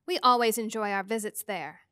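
A woman's voice: mid-range voice, moderate pace, bright, forceful tone, smooth, no echo, clean studio sound, close to an everyday voice. A woman voicing a cheerful, motherly otherworldly old lady. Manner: soothing, cheerful reassurance.

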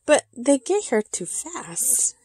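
A woman's voice: high voice, very animated, slow, warm tone, no echo. A woman unboxing a reborn doll on her channel, talking in a cooing baby-talk way and giggling often. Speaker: reborn doll collector and vlogger. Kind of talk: casual unboxing chat.

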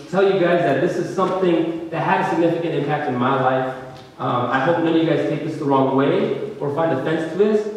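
A young man from California giving an earnest, conversational sermon to students, with many fillers. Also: fairly high pitch. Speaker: student speaker. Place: large hall. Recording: distant, very echoey hall.

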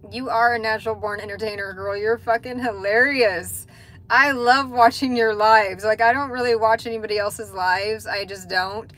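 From inside a truck cab, a woman hosts a casual livestream, reading viewer comments aloud and answering them candidly and chattily, with the occasional swear. Her mid-range voice is steady and fairly bright, at normal speed with few pauses.

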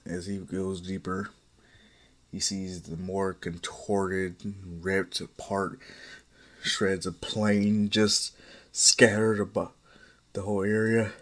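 A man casually narrating a fan story in a relaxed, offhand way. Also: sits low, slow pace. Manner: relaxed, offhand retelling with fillers.

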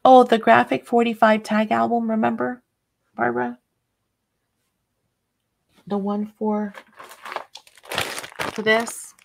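A woman's voice: on the high side, flat delivery, takes it slowly, gravelly, long pauses. A woman hosting a casual craft livestream, chatty and a bit scattered, often laughing. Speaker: craft channel host.

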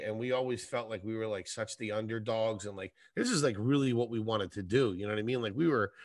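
Bright, profane comedian telling a story. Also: male voice, mid-range voice, dry recording, clean studio sound. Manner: profane, animated, acts out scenes. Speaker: comedian guest. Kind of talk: casual storytelling.

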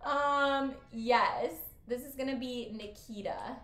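A woman streaming a game with casual commentary, excitable and giggly, breaking into loud squeals. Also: sits high, slow, echoey room, faint music behind.

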